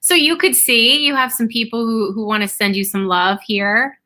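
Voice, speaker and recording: Bright-voiced encouraging woman host. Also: fairly high pitch, steady tone, normal speed. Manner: encouraging, reads viewer comments aloud. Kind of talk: live-stream interview.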